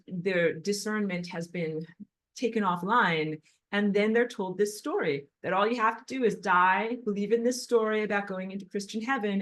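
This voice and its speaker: A woman giving an impassioned spiritual lecture in a blunt, emphatic and agitated manner while walking on a treadmill. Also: mid-range voice. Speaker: spiritual teacher.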